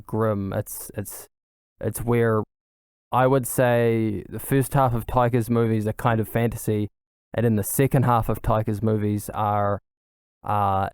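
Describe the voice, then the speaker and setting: Young man rambling eagerly, smooth voice. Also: on the low side, a little mellow, dry recording, studio quality. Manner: rambling, many fillers and restarts, eager. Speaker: podcast host. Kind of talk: casual solo chat.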